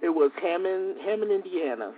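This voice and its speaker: A man from the Chicago area calling in to a radio show, talking hesitantly with many pauses. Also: high voice, animated. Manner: hesitant, full of fillers. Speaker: caller. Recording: tinny phone line with faint hiss.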